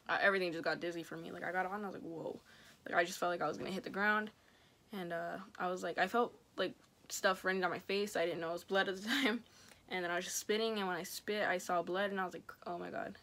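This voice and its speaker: Rambling young woman telling a story. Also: medium pitch. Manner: rambling, heavy use of "like"; quiet and subdued in stretches. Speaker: vlogger. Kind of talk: casual storytime.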